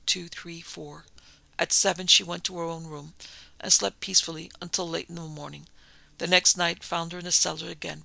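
A man reading a ghost story aloud as narrator, in a measured, dramatic manner. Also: fairly high pitch, vocal fry, sharp tone, no echo, low-quality recording.

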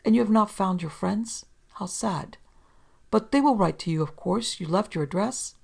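A woman voicing a formal, courteous older gentleman welcoming a guest in a storybook reading. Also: mid-range voice, normal speed, creaky, breathy edge. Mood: kindly.

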